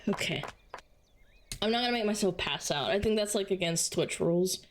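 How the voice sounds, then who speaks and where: A woman's voice: mid-range voice, lively intonation, a little fast, noisy background. A woman streaming live, chatting casually and chaotically with bursts of laughter while coughing with hiccups.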